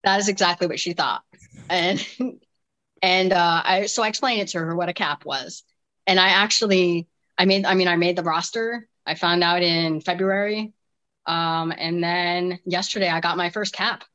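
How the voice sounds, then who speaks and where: A woman's voice: fairly low pitch, steady tone, moderate pace, pushed and bright, rough recording. A woman in her forties, a deaf soccer player from the United States, chatting in an interview and telling stories animatedly with frequent restarts and laughter. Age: 40s. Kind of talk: casual interview chat.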